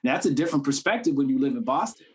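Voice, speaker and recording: Casting: male podcast guest from the Boston area, mid-pitched, relaxed and conversational, heavy on casual fillers. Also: very fast. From Cambridge, Massachusetts. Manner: loose, street-casual talk full of "you know what I'm saying". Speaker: guest, actor.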